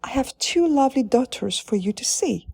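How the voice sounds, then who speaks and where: A woman's voice: sits high, animated, moderate pace, vocal fry, a little mellow, breathy edge, no echo, voice pushed up, heavily acted. A woman voicing a scheming, bossy stepmother who barks orders and hisses, in a storybook reading. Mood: commanding. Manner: barking, hissing.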